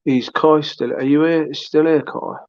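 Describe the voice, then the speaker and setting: A man hosts a live stream in an unhurried, rambling way, calling out to viewers as he chats. His voice is dry and close, with no room around it. The stream audio sounds dull and lo-fi. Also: on the high side, steady tone, no room sound. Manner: chatty, rambling, addresses viewers by name. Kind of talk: casual live-stream chat.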